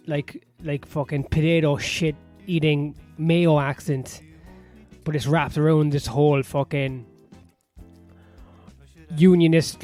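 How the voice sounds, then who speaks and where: A man with an Irish accent, his voice sitting slightly high for a man, delivers a rambling, profane comedy monologue as a podcast host. His tone is sardonic and loose, and he keeps circling back to gossip. Faint piano music plays quietly under him. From Ireland. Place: sauna-area home in west London. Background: soft piano music.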